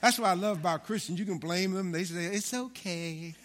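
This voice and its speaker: A man preaching a lively sermon, with asides to his congregation. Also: sits high, brisk, a little hiss or hum. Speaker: pastor.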